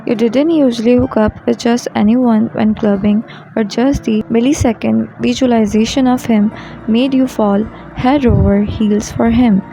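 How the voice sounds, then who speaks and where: A woman narrates a second-person romance story in a soft, intimate way. Her voice is mellow and a little high, with a light vocal fry. Quiet music plays faintly underneath. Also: fairly even intonation, moderate pace, poor audio. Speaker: fan fiction narrator.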